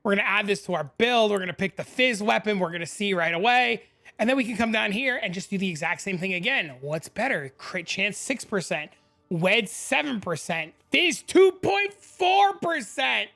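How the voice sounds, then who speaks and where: Excitable hoarse man walking through a game tool. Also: sits high, fairly quick, soft background music. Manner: excitable, rambling, talks through clicks step by step. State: hoarse, losing his voice. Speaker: gaming channel host. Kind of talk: screen-recorded game tutorial.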